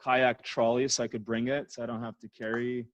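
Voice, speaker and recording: A man's voice: medium pitch, flat delivery, fairly quick, low-quality recording. A man from Canada, a podcast guest, chatting casually and rambling through stories with lots of fillers. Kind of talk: casual chat.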